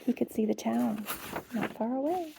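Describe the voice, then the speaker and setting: A woman reading a children's book aloud as a bedtime story, in an expressive, dramatic storytelling manner. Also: a little high, moderate pace, gravelly, a little hiss or hum.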